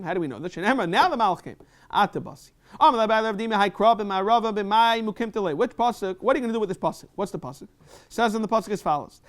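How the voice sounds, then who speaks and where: Rapid high-voiced man teaching Talmud. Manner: rapid, mixes Hebrew and Aramaic quotes with English explanation. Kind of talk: fast Talmud class lecture. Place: synagogue study hall.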